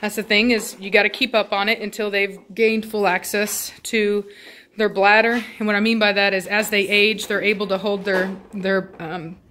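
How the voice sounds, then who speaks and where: A woman's voice: medium pitch, little pitch movement, normal speed, a bit bright. A woman talking casually to her viewers at home while sitting with her dogs, rambling with many fillers and turning firm when she scolds the dogs. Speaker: dog breeder vlogger. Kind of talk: casual home video update.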